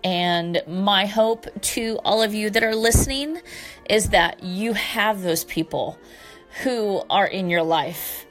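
A woman's voice: mid-range voice, slow, faint music behind. A woman hosting a solo talk show, speaking earnestly and from the heart to her listeners, with the odd casual swear word. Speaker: podcast host.

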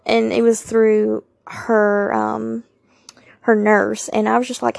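A woman's voice: fairly high pitch, flat delivery, slow pace, gravelly, no echo, clean studio sound. A young woman, candidly telling a personal story on her podcast with emphatic asides to listeners. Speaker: podcast host.

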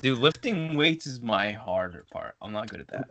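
A man's voice: mid-range voice, expressive, normal speed, pushed and bright. A man co-hosting a podcast in loose, jokey conversation, often laughing and tripping over repeated words. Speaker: podcast co-host. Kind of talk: casual comedic chat.

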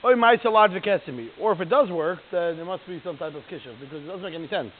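A man's voice: high voice, quick pace. A man teaching a text study class. He reads Hebrew lines aloud, then translates and explains them in a conversational way, putting rhetorical questions to the class. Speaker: Torah teacher. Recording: tinny phone-like audio with faint hiss.

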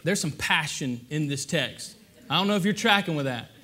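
Man, pastor, sermon, high voice, animated, conversational, rhetorical questions. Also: normal speed.

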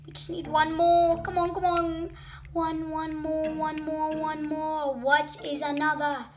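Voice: sits high, completely flat delivery, measured pace. A child playing a boastful, scatterbrained female witch villain in a fan role-play video, with music behind. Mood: gleeful. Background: background music.

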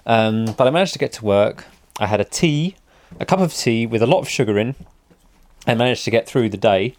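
A man's voice: mid-range voice, fairly quick, a little mellow, dry recording. A man, a motorcycle vlogger, telling a story in a casual, rambling and wry way, often correcting himself.

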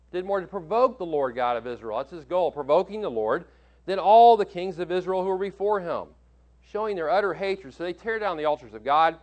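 Emphatic male pastor preaching. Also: fairly high pitch. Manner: emphatic, repeats key phrases, asks the congregation questions; frequent restarts and self-corrections. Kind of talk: sermon.

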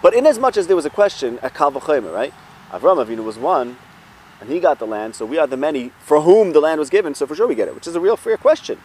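A man's voice: a little high, big pitch swings, quick pace, a little mellow, a little hiss or hum. A man giving an informal Torah lesson, talking things through conversationally with rhetorical questions and restarts. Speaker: Torah teacher.

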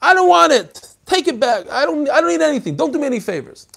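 A man acting out an indignant, wronged man protesting loudly to a king. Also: very high-pitched, sing-song, fast, vocal fry, voice pushed up, exaggerated voice. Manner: loud, exasperated outbursts.

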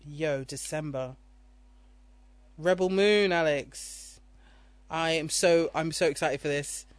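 A woman co-hosting a podcast in casual chat, excitable and quick to laugh. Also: sits low, no room sound. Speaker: podcast co-host.

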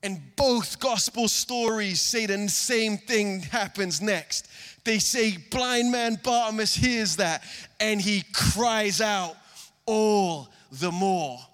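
A man preaching a sermon from a stage, earnest, moving between loud emphasis and hushed lines. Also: sits high, takes it slowly, big-room sound. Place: stage before a live congregation.

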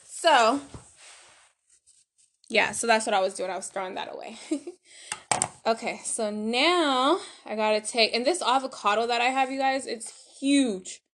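Slow-talking chatty woman. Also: on the high side, a bit bright. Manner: chatty, addresses listeners as y'all. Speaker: podcast host. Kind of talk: casual chat while cooking.

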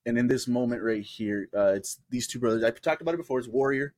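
A man's voice: medium pitch, fast talker, no echo. A young adult man co-hosting a casual podcast, who tells stories with energy and acts out what people said. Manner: animated storyteller, acting out quotes. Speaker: podcast co-host. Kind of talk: casual chat.

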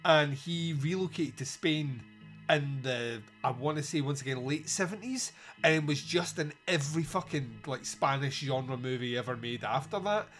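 A man hosting a podcast, chatting casually as he reviews a film, animated and sweary as he mocks its dialogue. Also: on the high side, moderate pace, soft background music. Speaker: podcast host.

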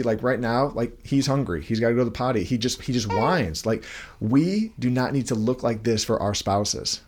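Casual-talking Christian man with questions. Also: medium pitch. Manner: conversational, full of rhetorical questions and "like". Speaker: Christian men's podcast host and father. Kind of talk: casual devotional talk. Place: at home holding his young son.

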